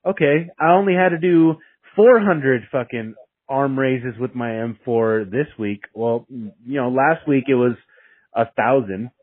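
Husky young man, tinny phone sound. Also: medium pitch, a little slow, dry recording. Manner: rambling with many restarts. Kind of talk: casual storytelling, heavy swearing.

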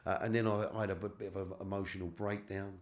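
A middle-aged man from London with a London accent, a guest in a candid interview, talking haltingly with casual slang and repeated words. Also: low-pitched, flat delivery. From London, England. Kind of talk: candid life-story interview.

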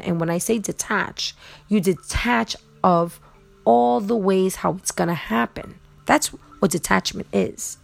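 A woman's voice: medium pitch, gravelly, no echo. A woman hosting a podcast alone, giving an earnest, insistent motivational talk that repeats its points. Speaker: podcast host. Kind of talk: motivational monologue. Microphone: podcast microphone.

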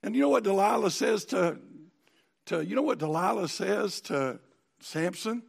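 A man preaching a sermon in a folksy, animated storytelling manner. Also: high voice, moderate pace, creaky, breathy edge. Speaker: pastor.

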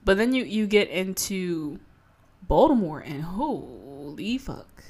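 Animated, foul-mouthed young woman vlogger. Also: lowish voice, slow pace, gravelly, husky. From Maryland, USA. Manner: animated, profane, rambling. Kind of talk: casual reaction chat to an article.

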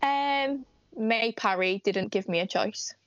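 A woman's voice: fairly high pitch, takes it slowly, no echo. Chatty teenage girl on a dull dry stream. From United Kingdom. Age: teens. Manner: chatty, hesitant with many ums and likes. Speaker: interview guest, teen pageant winner. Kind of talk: casual live interview.

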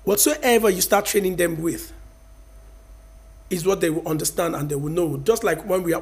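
High-voiced Nigerian vlogger in his thirties, lecturing viewers with emphatic, preachy energy. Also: a little fast, creaky. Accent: Nigerian, Yoruba-speaking. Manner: emphatic, preachy, mixes in Yoruba. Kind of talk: casual opinion rant to camera.

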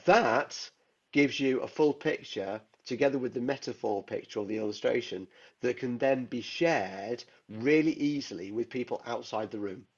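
A guest illustrator chats enthusiastically in a casual interview, rambling with plenty of filler words. His mid-range voice moves at a normal speed, and the recording sounds muffled.

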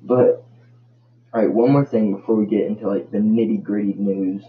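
A man's voice: lowish voice, steady tone, normal speed, narrow, tinny audio, slight background noise. A man hosting a casual solo podcast, rambling and tripping over his words. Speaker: podcast host.

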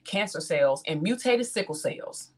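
A woman in her thirties, speaking, tells a personal testimony in animated style and acts out her own reactions as she talks to the audience. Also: lowish voice, unhurried, slight background noise. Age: 30s. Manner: talks straight to the audience, calls them "y'all".

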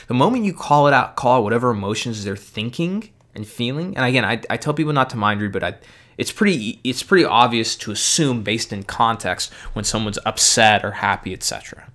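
A man giving an informal talk on communication, working through numbered tips in a conversational way with many "you know"s and quick restarts, leaning hard on key points. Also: mid-range voice, animated, a bit bright. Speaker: speaker giving communication advice.

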